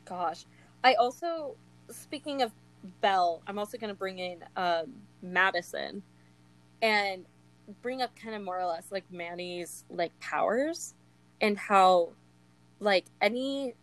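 Young woman, unhurried but excitable book-chat co-host, laughs a lot, leans on "like". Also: medium pitch, low-quality recording. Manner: gushing, laughs often, many "like" fillers. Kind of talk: casual chat.

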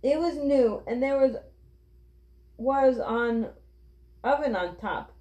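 A woman reads a children's book aloud in a clear, steady way. Her voice sits fairly high. The recording sounds roomy and lo-fi. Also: slow. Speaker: reader. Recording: roomy, dull lo-fi.

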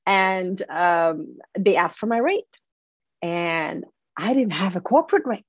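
A woman with a French accent, a guest on an interview, telling animated, expressive stories with frequent restarts. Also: medium pitch, moderate pace, no echo, lo-fi sound. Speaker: guest, confidence speaker. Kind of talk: casual interview storytelling.

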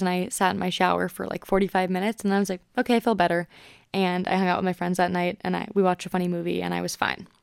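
A woman's voice: on the low side, gravelly, darkish tone, clean tone, dry recording, clean studio sound. A woman in her twenties hosting a solo podcast, talking casually and upbeat with lots of "like" fillers. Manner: chatty, upbeat, many "like" fillers. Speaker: podcast host.

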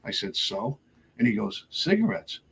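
A man from Lowell, a podcast guest telling his recovery story in a casual chat, animated and blunt, acting out the voices of the people in it. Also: quick pace. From Lowell, Massachusetts.

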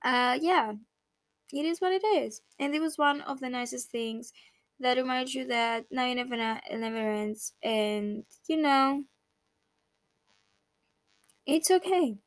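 High-voiced woman in an emotional, candid monologue. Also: measured pace, pauses often, dry recording. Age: young adult. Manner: emotional, candid, swears casually. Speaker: podcast host. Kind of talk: reflective personal monologue.

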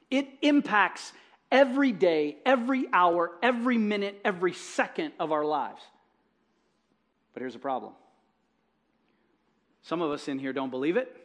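High-voiced energetic male preacher. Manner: energetic, emphatic, swings between loud bursts and soft asides. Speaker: pastor. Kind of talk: sermon.

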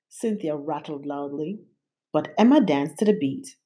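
Woman reading a picture book aloud, playful and lively, slow and unhurried. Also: deep voice. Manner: animated, playful. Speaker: storybook reader.

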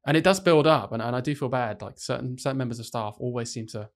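Fast-talking man, dry humor. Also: medium pitch. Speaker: podcast co-host, year six teacher. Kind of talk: casual chat.

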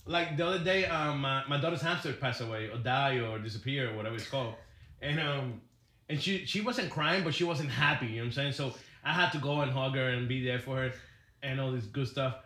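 A man in his thirties chatting casually as a podcast co-host, animated and acting out quotes. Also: mid-range voice, brisk, echoey room. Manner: animated, acts out quotes in put-on voices. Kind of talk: casual chat.

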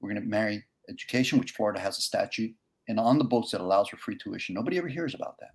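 Talking very fast in a lowish, gravelly, rough voice, a man running for Congress shares an emotional personal story with earnest passion. He then lays out his campaign plans, building in intensity with punchy repetition until he's nearly shouting.

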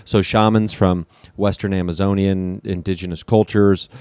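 A man co-hosting a casual chat, relaxed and rambling with lots of fillers. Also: sits low, normal speed, clear, resonant tone, no room sound. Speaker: podcast co-host.

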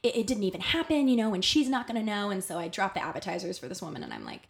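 This young adult woman, a podcast guest, shares a lively, casual story about her job, full of fillers and dramatized quotes. She talks very fast in a mid-range voice with vocal fry.

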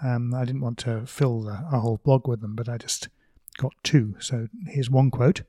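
A man hosting a podcast, giving measured, thoughtful commentary with a lightly wry touch. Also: medium pitch, steady tone, mellow, no room sound, clean studio sound. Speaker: podcast host and blogger.

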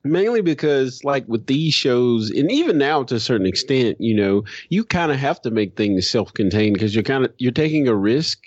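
A man's voice: mid-range voice, lively intonation, normal speed, hardly any pauses, no room sound, lo-fi sound. A man co-hosting a podcast in casual chat, loose and rambling with lots of "like" and "you know". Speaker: podcast co-host.

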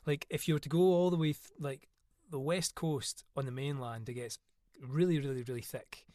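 A man's voice: medium pitch, steady tone, normal speed, a little mellow, no echo, clean studio sound. A man with a Scottish island accent, chatting as a podcast guest, talking loosely with many fillers and restarts. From Scotland. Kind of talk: casual chat.

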